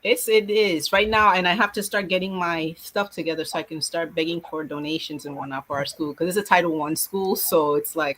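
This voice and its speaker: A woman's voice: lowish voice, poor audio. A middle-aged woman, a schoolteacher, chatting casually and acting out classroom scenes as she tells them. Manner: animated storyteller, acts out classroom scenes with quick voices. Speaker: guest, schoolteacher. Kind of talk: casual video chat.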